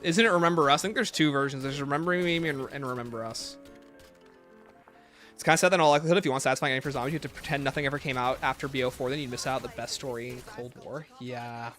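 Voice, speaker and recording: A man's voice: medium pitch, racing, a bit bright. A man streaming a game live, chatting casually with his chat in a joking, self-mocking way. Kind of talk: live gameplay commentary, reading chat. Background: faint game music playlist.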